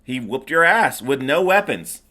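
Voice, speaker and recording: Sarcastic podcast host with a bright voice. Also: male voice, mid-range voice, big pitch swings, measured pace. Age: middle-aged. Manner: rambling, sarcastic, many fillers. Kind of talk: casual movie recap chat.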